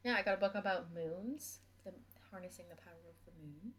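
A woman's voice: on the low side, fairly quick, husky. A young woman co-hosting a podcast in casual chat, blunt and teasing, with plenty of swearing. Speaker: podcast co-host.

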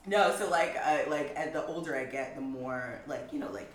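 A woman comedian from Brooklyn, chatting on a podcast as a guest, telling lively stories and mimicking people as she goes. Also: low-pitched, moderate pace, echoey room, rough recording. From Brooklyn, New York. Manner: animated, laughing storyteller, mimics people. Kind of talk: casual podcast chat.

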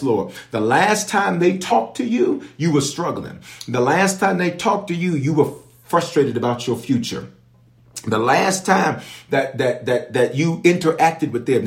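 A man preaching as a bishop, mid-pitched and emphatic, driving his points home with repeated phrases and prophetic declarations. He speaks directly to his online viewers. The voice rings out in an echoey room. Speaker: bishop leading online prayer. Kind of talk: preaching prayer and Bible teaching.

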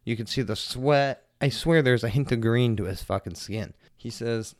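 A man hosts his own podcast and rambles through a gross-out story, swearing constantly and acting out the other people's lines. His voice sits at a middle pitch, and the room sound is dry and close. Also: moderate pace, no room sound. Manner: profane, animated, heavy swearing. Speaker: podcast host. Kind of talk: casual storytelling monologue.

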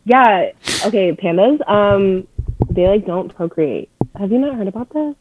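A young woman in casual chat, talking fast with lots of fillers, blunt and swearing freely. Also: mid-range voice, expressive, narrow, tinny audio, noisy background.

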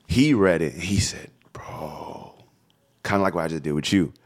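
A young man co-hosting a podcast, telling a high school story in a casual, profane, animated way. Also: quick pace. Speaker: podcast co-host.

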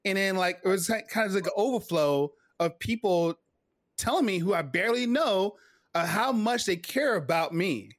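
A man in his forties, a retired Navy veteran, telling a personal story in a casual interview, animated and full of fillers and restarts. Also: high-pitched, moderate pace, dry recording, studio quality.

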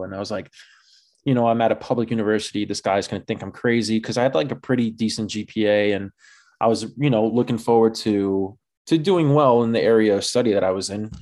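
A young man with a lowish, darkish voice tells his vocation story as a guest. He speaks casually and conversationally, using lots of filler words and laughing at himself from time to time.

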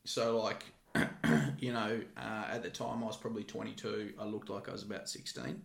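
An Australian man in his thirties, a former security guard appearing as a podcast guest, tells profane, brash security stories in casual chat. His voice is lowish with vocal fry, at a moderate pace, and the room sounds echoey.

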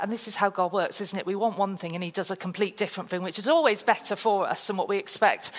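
Chatty woman from the English South Coast. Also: medium pitch. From South Coast of England. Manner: chatty storytelling, lively and self-deprecating. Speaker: guest speaker at a conference. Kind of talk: testimony talk. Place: church hall. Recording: reverberant hall.

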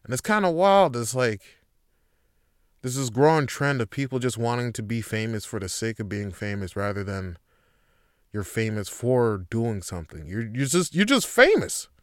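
A young man hosting a solo podcast, ranting in a casual, profane, animated way. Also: lowish voice, normal speed, no echo, clean studio sound. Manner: frequent fillers and restarts. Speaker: podcast host. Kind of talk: casual chat.

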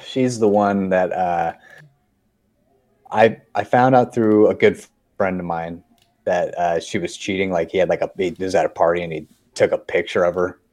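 Low-voiced man in casual podcast chat. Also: steady tone, measured pace, a little mellow. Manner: rambling storyteller, swears often. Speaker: podcast host.

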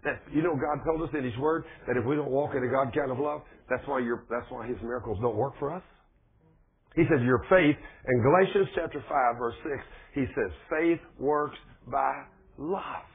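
Husky preacher man on a thin line. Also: mid-range voice, moderate pace. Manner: folksy, conversational preaching with plain speech and rising emphasis. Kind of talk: sermon. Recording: phone-like, thin lo-fi recording.

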